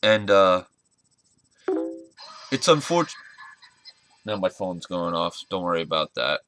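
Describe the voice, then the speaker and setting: Young male vlogger, earnest and halting, lowish voice, dry close sound. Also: sing-song, a bit bright, no room sound, faint music behind. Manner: earnest, halting, searching for words. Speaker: wrestling fan vlogger. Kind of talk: casual spoken tribute vlog.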